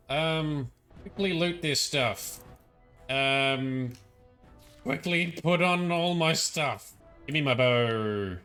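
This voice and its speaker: A man's voice: medium pitch, bright, forceful tone, clear, resonant tone. A young man with an Australian accent, casually commenting while playing a game, playful and chatty. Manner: chatty, playful, laughing often. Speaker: let's play host.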